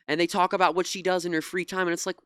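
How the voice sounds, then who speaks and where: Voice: medium pitch, level tone, very fast, a bit bright, smooth, dry recording, studio quality. Frustrated, indignant young online commentator. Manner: frustrated and indignant, with restarts and swearing. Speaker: political commentary YouTuber. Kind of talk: reaction commentary.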